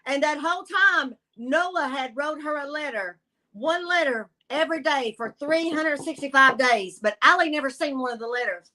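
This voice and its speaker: Tennessee woman, Southern accent, sassy folksy guest reader, high and forceful. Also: normal speed, low-quality recording. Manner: animated folksy retelling, blunt and sassy. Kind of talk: live-stream storytelling.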